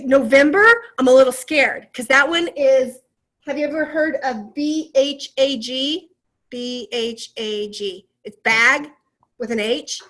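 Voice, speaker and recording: A woman leading a motivational training on a video call, encouraging her team and asking them questions. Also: sits high. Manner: energetic and encouraging, asks the audience questions. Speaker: team leader coaching a sales team.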